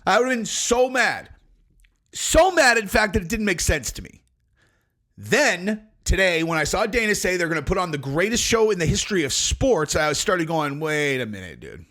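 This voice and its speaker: A man with a notably high voice rants straight to his viewers about fight news. He is animated and profane and spins theories out loud in a loose, casual style. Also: moderate pace. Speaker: MMA commentary channel host. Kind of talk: casual ranting commentary to camera.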